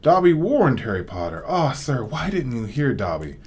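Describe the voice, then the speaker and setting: A man's voice: mid-range voice, big pitch swings, normal speed, husky, pitched above the performer's own voice. A man voicing a pitiful small male house elf who pleads and talks about himself in the third person. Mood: pleading.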